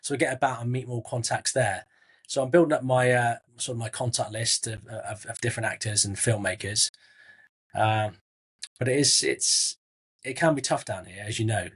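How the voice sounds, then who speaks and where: Middle-aged guy from the southwest, husky voice, chatty interview guest, restarts a lot. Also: mid-range voice, normal speed, a bit bright. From Southwest England. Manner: chatty, frequent restarts, calls people mate. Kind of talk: casual interview chat.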